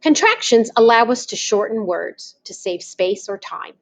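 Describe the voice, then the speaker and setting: A woman's voice: a little high, expressive, moderate pace, vocal fry. A woman teaching, talking patiently and spelling things out step by step. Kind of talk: slow, deliberate classroom explanation.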